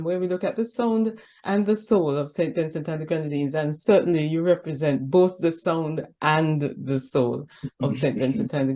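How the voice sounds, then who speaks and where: A woman hosting a radio interview show, asking questions and thanking her guest in a formal, measured way. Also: lowish voice, mellow.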